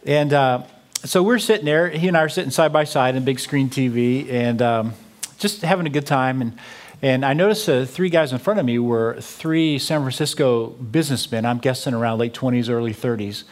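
A man's voice: medium pitch, normal speed. A man giving a talk to an audience, telling a humorous story full of quoted dialogue. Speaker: speaker on theology.

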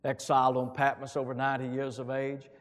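A middle-aged man preaching a sermon, emphatic, with booming rises when he quotes scripture. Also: monotone, brisk. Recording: long hall reverb.

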